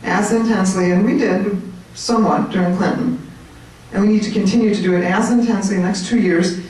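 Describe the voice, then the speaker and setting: A woman giving an animated, chatty talk to a room of people, joking with her audience. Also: medium pitch, fast talker. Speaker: speaker at a political meetup. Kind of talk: lively speech to a crowd. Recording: echoey room, mic at a distance.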